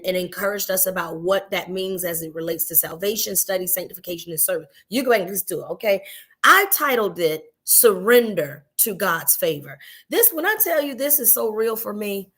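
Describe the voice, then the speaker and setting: A woman's voice: medium pitch, a bit bright. A middle-aged woman minister giving a devotional teaching, earnest and personal, repeating key phrases for emphasis. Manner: tells personal stories to the listener.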